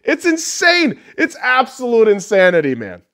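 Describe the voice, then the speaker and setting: A man's voice: very high-pitched, wildly swooping pitch, a little slow, sharp tone. A man hosting a podcast, ranting bluntly and crudely, mocking his listeners and laughing at his own jokes. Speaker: podcast host. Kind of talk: profane solo rant.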